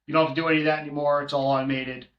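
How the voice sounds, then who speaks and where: A man's voice: fairly high pitch, little pitch movement, rapid-fire, lo-fi sound. A man co-hosting a podcast, talking casually with many filler ums as he runs through tools and prices. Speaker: co-host, short-term rental manager. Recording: roomy echo.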